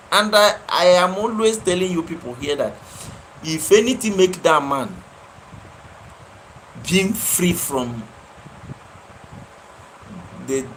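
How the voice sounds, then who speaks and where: Nigerian man, livestream host, slightly high voice, slow deliberate delivery, fiery and scolding. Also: fairly bright tone, slight background noise, rough recording. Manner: impassioned, scolding, repeats his phrases for emphasis. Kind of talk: live-stream commentary answering viewers.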